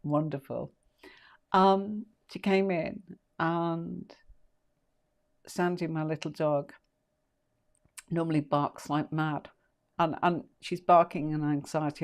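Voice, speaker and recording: A woman's voice: sits low, fairly even intonation, slow pace, pauses often. Woman hosting a casual tarot tutorial live, rambling and chatty, filler-heavy. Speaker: tarot teacher.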